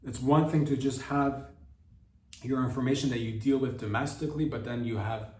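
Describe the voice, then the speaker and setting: A man hosting a podcast, riffing through an absurd comedic monologue in a deadpan, rambling way with many restarts. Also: medium pitch, normal speed. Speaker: podcast host. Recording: echoey room, distant from mic.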